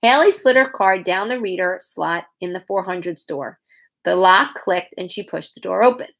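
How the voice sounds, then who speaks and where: A woman's voice: fairly low pitch, normal speed, vocal fry. Woman reading a children's novel aloud. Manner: acts out characters with lively voices. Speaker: reader.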